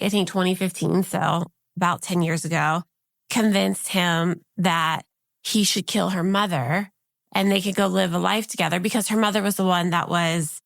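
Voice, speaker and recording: A woman co-hosting a podcast, chatting casually and teasing her partner with quick quips. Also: on the low side, creaky, dry recording, studio quality. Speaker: podcast co-host. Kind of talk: casual chat.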